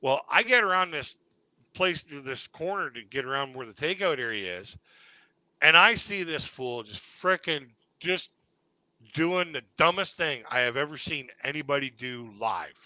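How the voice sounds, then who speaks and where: A man's voice: on the high side, lively intonation, moderate pace, sharp tone, no room sound, rough recording. A man hosting a live online comedy panel, telling a long rambling anecdote and laughing at his own story. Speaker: stand-up comedian host.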